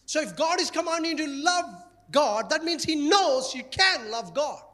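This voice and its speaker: Male pastor with a very high voice, playful, lively sermon delivery. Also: moderate pace. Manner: animated, playful, repeats key phrases.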